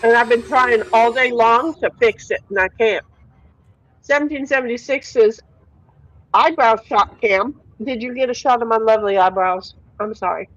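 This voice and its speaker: A woman's voice: a little high, normal speed, a bit bright, no room sound, rough recording. A woman hosting a casual livestream, reading viewer comments aloud and chatting freely with occasional swearing. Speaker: livestream host.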